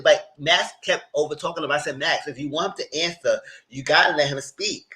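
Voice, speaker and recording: A man's voice: fairly high pitch, brisk, few pauses, pushed and bright. A man hosting a reality TV recap, retelling scenes in a loose, rambling way with quoted asides. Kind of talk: casual recap commentary.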